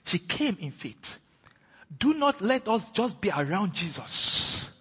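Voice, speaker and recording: A man preaching a sermon, emphatic, moving between loud declarations and hushed retellings of scripture. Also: high-pitched, big pitch swings, slow pace, slightly rough. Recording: long hall reverb.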